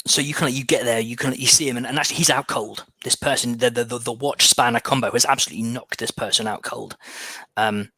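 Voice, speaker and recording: Bright-voiced game master, full of restarts. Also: male voice, mid-range voice, steady tone, fast, breathy edge, dry recording. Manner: fillers, many restarts and repeated words. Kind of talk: narrating a tabletop game.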